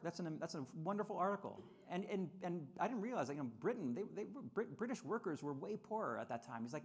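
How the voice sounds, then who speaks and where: A man giving a lively convention speech on trade history, often repeating words and acting out quotes in mocking voices. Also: fairly high pitch, fast, hardly any pauses, husky. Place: convention hall.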